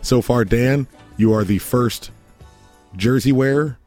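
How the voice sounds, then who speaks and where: A man co-hosting a podcast, with animated, crude joking in casual chat. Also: mid-range voice, slow pace, soft background music. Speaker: podcast co-host.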